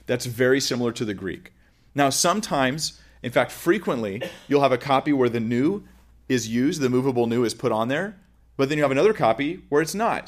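A man's voice: medium pitch, expressive, brisk. Guy teaching a class, chatty and easygoing, mid-range voice. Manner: conversational, explains with everyday examples. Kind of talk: informal lecture.

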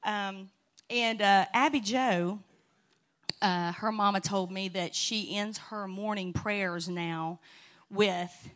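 In a church sanctuary, a woman speaker tells funny stories to the congregation in a slow, mid-range voice. She is chatty and warm-hearted and laughs often.

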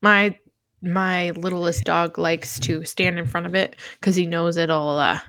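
A woman's voice: lowish voice, fairly even intonation, a little slow, fairly bright tone, smooth, dry recording, clean studio sound. Giggly woman telling a story. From Colorado. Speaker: podcast co-host. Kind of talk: casual chat.

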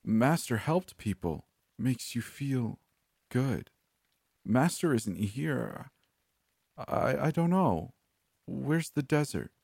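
A man putting on a broken young woman, her voice raised high above his own low register and thin with weakness. She talks in halting, trembling fragments, childlike and unsettlingly eager. The sound is dry and close. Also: big pitch swings, creaky, darkish tone, husky, dry recording, full character voice. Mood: confused. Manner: weak, trembling, halting speech. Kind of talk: horror story reading.

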